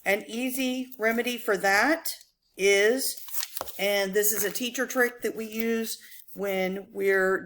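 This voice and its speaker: A woman's voice: medium pitch, fairly bright tone. A woman English teacher giving a recorded lesson, explaining patiently with frequent ums.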